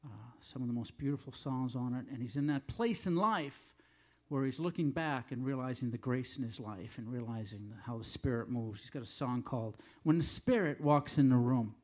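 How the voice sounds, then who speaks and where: A man's voice: mid-range voice, normal speed. An older man from the northern United States, a singer-songwriter, telling rambling, self-deprecating stories between songs at a live café show.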